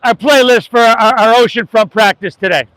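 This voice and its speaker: A man with an American accent leading a live outdoor yoga class, relaxed and encouraging, calling the students "y'all". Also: extremely high pitch, moderate pace, dry recording, rough recording. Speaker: yoga instructor.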